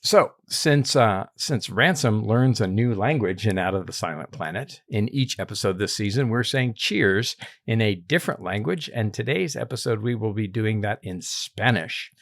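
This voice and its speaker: A man hosting a casual podcast chat, relaxed and chuckling often. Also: on the low side, moderate pace, hardly any pauses, no room sound, studio quality. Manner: relaxed, chuckling, reads tasting notes. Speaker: podcast host.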